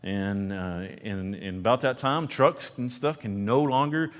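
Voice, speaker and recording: A man preaching a sermon as pastor, swinging between loud emphasis and hushed, low lines. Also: a little slow, in a large hall. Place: church sanctuary.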